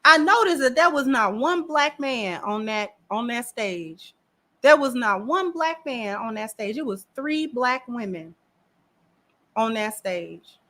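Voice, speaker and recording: Woman, bright tone, sassy emphatic commentary, slightly high voice. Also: animated, takes it slowly. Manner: sassy, emphatic, acts out quotes. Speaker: political commentator. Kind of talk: casual commentary vlog.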